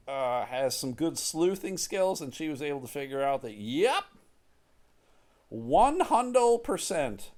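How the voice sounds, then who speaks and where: A man's voice: medium pitch, a little mellow. A man in a casual, rambling monologue, joking and swearing freely as he tells a neighborhood story. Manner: profane, joking, self-mocking.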